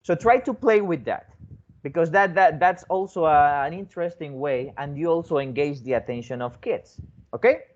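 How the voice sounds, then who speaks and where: Here a man with a fairly high, lively voice speaks at a moderate pace, and the recording has its highs cut off. He's a foreign teacher running a demonstration lesson for teachers. His delivery is full of repeated words, restarts, and upward "okay?" checks.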